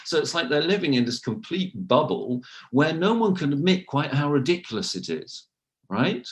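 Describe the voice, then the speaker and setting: A man's voice: a little high, very animated, moderate pace. A man, a university researcher, speaking as a podcast guest and telling stories with many asides and restarts. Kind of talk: casual interview, storytelling.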